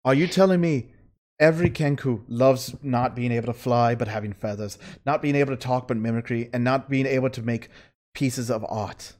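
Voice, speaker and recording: A game master voicing a crude, scheming female fey courtier who makes a profane, persuasive sales pitch in a tabletop game. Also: normal speed, a little mellow, natural voice. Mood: needling. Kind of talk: tabletop role-play.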